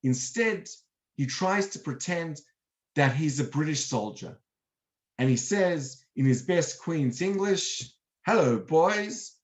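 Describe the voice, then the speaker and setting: Guy giving an online history talk, slightly high voice, tells it like a story. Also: takes it slowly. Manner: lively storyteller who acts out quotes. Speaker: tour guide and lecturer. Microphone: online video talk.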